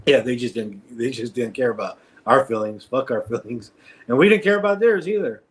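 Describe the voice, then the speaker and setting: Here the guest storyteller, medium in pitch and a little quick, relays a street anecdote in casual conversation. Lively and laughing, he keeps impersonating the voices of the people involved.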